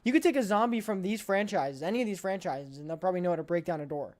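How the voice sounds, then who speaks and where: A woman's voice: lowish voice, expressive, fast talker, a little mellow. A woman streamer chatting casually on a live stream, emphatic and playfully blunt, often repeating her points.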